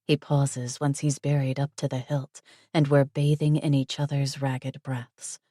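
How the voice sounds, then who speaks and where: Female audiobook narrator: low, unhurried, breathy and intimate, dry close sound. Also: level tone, warm tone, dry recording. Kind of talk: first-person romance audiobook narration.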